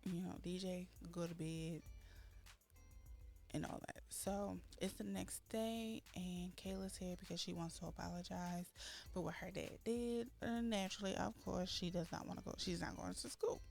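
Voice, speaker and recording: Woman host, casual game narration, gravelly edge, faint music behind. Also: lowish voice, steady tone, normal speed, a little mellow. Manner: chatty, voices her characters' lines with dramatic flair. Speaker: let's-play host.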